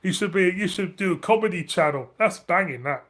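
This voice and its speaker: A man's voice: high voice, expressive, fairly quick, fairly bright tone. A middle-aged man with a northern English accent, chatting casually on a live stream, laughing often and swearing freely. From northern England. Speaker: beer review channel host.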